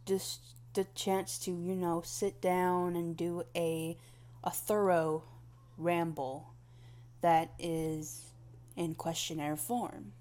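Slow, low-pitched woman rambling casually. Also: darkish tone. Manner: meandering and self-deprecating, with frequent restarts. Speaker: erotic audio performer. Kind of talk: casual rambling monologue answering a questionnaire.

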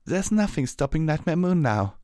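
A man's voice: fairly high pitch, very animated, normal speed, darkish tone, no room sound, studio quality, voice pushed up. A man voicing an earnest, loyal young female unicorn in a storybook reading. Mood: despairing. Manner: eager, emotional.

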